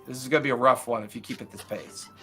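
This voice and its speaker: A man's voice: medium pitch, racing, bright, forceful tone, husky. A man narrating as game master in casual, rambling style, with faint music behind.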